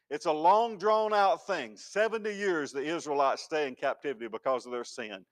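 A male pastor preaching a sermon to his congregation. He talks to them directly, climbs to shouted peaks and drops to soft, quiet lines. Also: fairly high pitch, dry recording.

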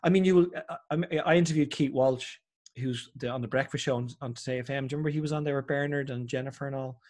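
A middle-aged man with an Irish accent talks at a quick clip, his voice sitting mid-range. He tells lively, animated stories as a podcast guest and slips into other people's voices as he goes. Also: mid-range voice. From Ireland. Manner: animated storyteller, acts out voices. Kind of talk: casual chat.

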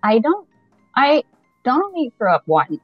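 A woman from Canada, a podcast guest telling a lively story with frequent laughter and acted-out dialogue. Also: on the high side, unhurried, husky, no room sound. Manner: animated, laughs often, acts out dialogue. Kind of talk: casual anecdote telling. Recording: muffled lo-fi, faint music.

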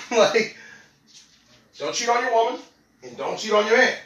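A man's voice: extremely high pitch, lively intonation, a little slow, fairly bright tone, slight background noise. A man hosting a podcast, joking and slangy, laughing often in a comic monologue. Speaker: podcast host. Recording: roomy, away from mic.

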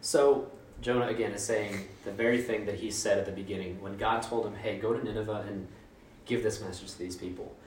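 A man's voice: on the low side, fairly even intonation, fairly quick, darkish tone, a little hiss or hum. A man giving a casual, conversational sermon, informal and joking, with mock voices for quotes. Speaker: preacher. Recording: roomy echo, mic at a distance.

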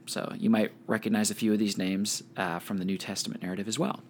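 A man leading a Bible study, reading scripture aloud and adding casual commentary. He talks in a relaxed, conversational way with wry offhand asides. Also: on the low side, quick pace, slight background noise.

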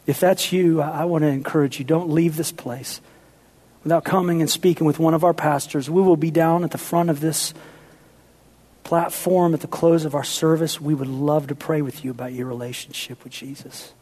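A pastor preaching a sermon, playful with the congregation at times and dropping to hushed, intense appeals. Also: male voice, on the high side, fairly even intonation, normal speed.

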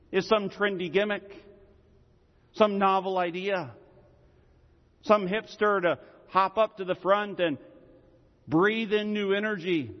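A man delivers a sermon from the pulpit, driving each point home with emphasis and purposeful pauses. His voice sits a bit high. The sound is muffled and rings out in a large hall. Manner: emphatic preaching with dramatic pauses. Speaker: pastor.

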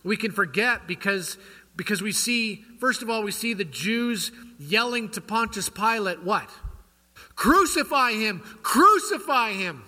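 A man's voice: high-pitched, unhurried, bright, forceful tone. A male pastor preaching a sermon in a church, quizzing the congregation with rhetorical questions. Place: church sanctuary. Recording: long church hall reverb.

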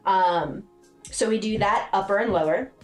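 A woman strength coach explaining her gym's training in a relaxed podcast chat. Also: mid-range voice, unhurried, faint music behind. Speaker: gym owner and strength coach.

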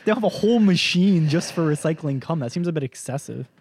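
A young man co-hosting a casual comedy podcast, telling a story in an animated way and laughing often. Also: on the high side, quick pace, slight background noise. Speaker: podcast co-host.

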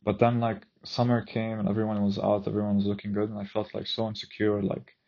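A man talking through his feelings in a reflective personal monologue, soft-spoken and searching, full of "you know" and "like". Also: on the low side, monotone, fairly quick, gravelly, lo-fi sound.

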